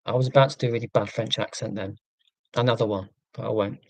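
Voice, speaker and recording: A man's voice: fairly low pitch, steady tone, quick pace, vocal fry, no room sound. A man from England hosting a live stream, chatting in a rambling, self-deprecating, joking way. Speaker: livestream host.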